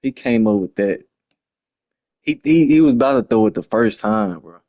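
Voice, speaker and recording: A man's voice: fairly low pitch, lively intonation, moderate pace, mellow, dry recording, studio quality. A man, breaking down a lost football video game in a frustrated, slangy ramble on a livestream. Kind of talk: casual game replay breakdown.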